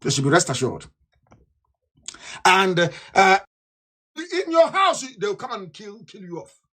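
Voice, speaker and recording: A man giving an impassioned political broadcast, fiery and scornful, repeating himself and bursting into shouts. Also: high-pitched, lively intonation, measured pace, slightly rough. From Nigeria. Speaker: activist leader.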